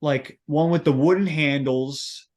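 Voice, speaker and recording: A man's voice: fairly high pitch, unhurried, a little mellow. A man co-hosting a podcast in casual chat, rambling and hesitant, filling gaps with "like". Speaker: podcast co-host.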